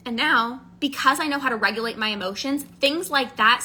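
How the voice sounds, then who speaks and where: Bright high-voiced woman coach. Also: a little fast, hardly any pauses, slight background noise. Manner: earnest, emphatic, repeats phrases for stress. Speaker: emotional eating coach. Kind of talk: casual candid monologue.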